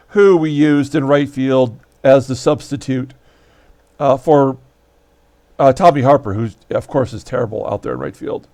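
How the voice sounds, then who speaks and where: A fairly high-voiced man talks casually as the host of a tabletop baseball game channel. He is wry and chatty, full of fillers, and his pitch jumps around as he explains his choices. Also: darkish tone. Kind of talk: casual solo commentary.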